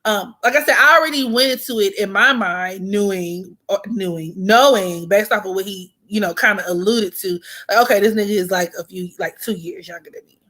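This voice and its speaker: Bright-voiced woman telling a story. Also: mid-range voice, brisk. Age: 20s. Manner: animated, profane, slangy storytelling. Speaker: vlogger. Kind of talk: casual storytime chat.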